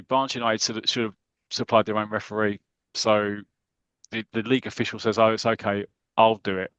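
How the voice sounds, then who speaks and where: A man from Britain, a podcast co-host, retelling a comic story in animated casual chat with quick asides. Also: lowish voice, no room sound.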